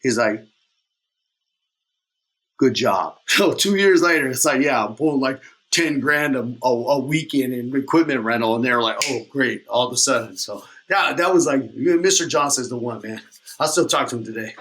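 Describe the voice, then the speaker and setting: Energetic man telling his story. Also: medium pitch, fairly quick, a little hiss or hum. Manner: energetic, rambling, slangy. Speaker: podcast guest, coach. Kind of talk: casual storytelling.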